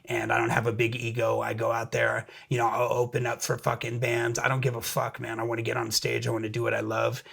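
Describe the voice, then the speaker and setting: A middle-aged man, a musician guest, telling stories in a casual interview, profane and energetic with frequent restarts. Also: medium pitch, a little fast, creaky, few pauses, slightly rough.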